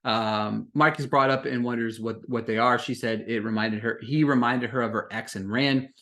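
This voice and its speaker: A young man talks casually as a podcast host, running through a reality show episode. His voice sits at an ordinary middle pitch. He keeps jumping into animated, excited outbursts and quick laughs between plain retelling. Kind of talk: casual recap chat.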